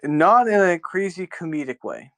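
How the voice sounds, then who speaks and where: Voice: medium pitch, very animated, moderate pace, low-quality recording. A game master narrating a tabletop game in a casual way, with loose phrasing and lots of fillers.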